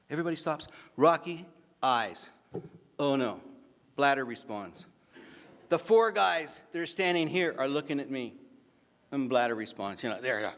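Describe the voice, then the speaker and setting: A man's voice: a little high, measured pace, long pauses. Man telling a comic story in a hall. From Canada. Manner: animated, self-mocking anecdote with acted-out voices. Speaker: awards speaker. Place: banquet hall. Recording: reverberant hall PA sound.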